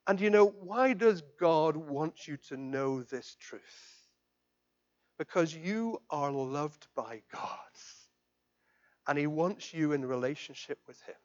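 A man preaching a sermon as pastor, swinging from loud emphatic declarations down to soft, quiet questions. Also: a little high, lively intonation, slow, muffled recording. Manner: impassioned, rising to loud emphatic declarations then dropping soft.

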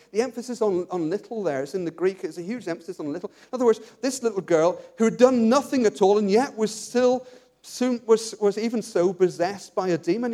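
A man preaching a sermon in church, emphatic and animated, repeating words as he builds his lists. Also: high-pitched. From England.

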